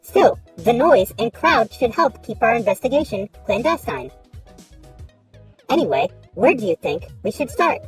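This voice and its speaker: A man speaking through a voice changer set to a high synthetic female-merc and robot voice, excitable and joking. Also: a little slow, husky, soft background music, full character voice. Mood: reading. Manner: excitable, yelps and jokes. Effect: high pitch-shifting voice changer.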